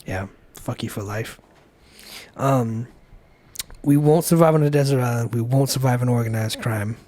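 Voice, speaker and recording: A man's voice: medium pitch, moderate pace, mellow. A man co-hosting a casual chat podcast, joking and swearing in loose banter. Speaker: podcast co-host.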